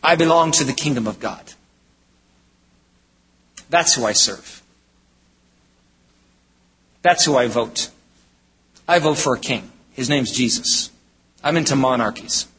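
A man preaching a sermon from the United States, in an emphatic style that swings between loud exclamations and low, intense statements. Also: slow, pauses often, husky. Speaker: pastor. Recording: hall reverb.

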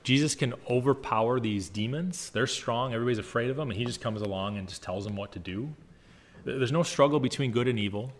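A man's voice: medium pitch, fast talker. A man giving a casual, conversational Bible teaching to young adults, reading scripture aloud with emphasis between his own remarks.

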